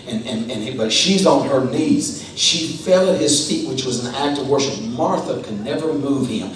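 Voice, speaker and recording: A man's voice: expressive, moderate pace, hardly any pauses, a little hiss or hum. Man, pastor, sermon, chanting sing-song preaching, echoey church, distant mic. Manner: builds from low storytelling to loud, chanting preaching. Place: church sanctuary. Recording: echoey church from afar with music.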